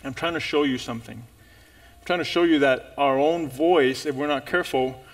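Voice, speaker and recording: A man preaching a sermon in church, telling a story in an animated way and calling out to the congregation. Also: medium pitch, moderate pace.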